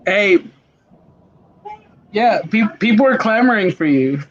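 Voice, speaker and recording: A man on a casual online chat, relaxed and quick to laugh. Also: high voice, no echo, highs cut off. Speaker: guest.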